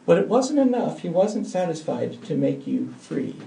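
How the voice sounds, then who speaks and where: Male pastor preaching, emphatic, slightly high gravelly voice; distant mic in a roomy church. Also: very animated, moderate pace, a little hiss or hum. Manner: earnest, emphatic, swings between soft and loud. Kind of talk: sermon with closing prayer.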